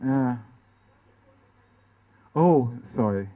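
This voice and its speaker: A man from Guyana gives a loose, conversational talk about his artwork while slides are shown. His voice sits at an ordinary middle pitch, and he speaks haltingly, restarting phrases and checking in with "right?" and "you know". The recording is thin and tinny, like sound over a phone line. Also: animated. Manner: halting, many restarts, tag questions. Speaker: artist giving a talk. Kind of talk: informal lecture over slides. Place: lecture venue.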